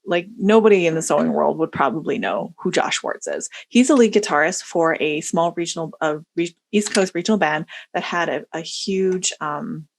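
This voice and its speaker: A chatty woman co-hosting a podcast, her voice sitting a little low. She talks casually and keeps restarting her sentences as she goes. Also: normal speed, creaky, hardly any pauses. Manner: chatty, animated, many restarts and fillers. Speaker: podcast co-host. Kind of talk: casual chat.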